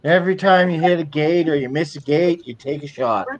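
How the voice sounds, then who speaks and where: A man's voice: fairly high pitch, a little fast, muffled recording, slight background noise. A man co-hosting a casual chat, easygoing and agreeable. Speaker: co-host.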